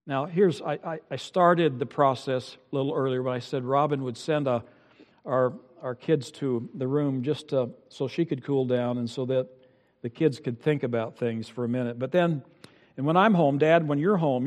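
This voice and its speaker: A man's voice: medium pitch, a little mellow. A middle-aged male pastor preaching an earnest sermon and often restarting his sentences. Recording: long hall reverb.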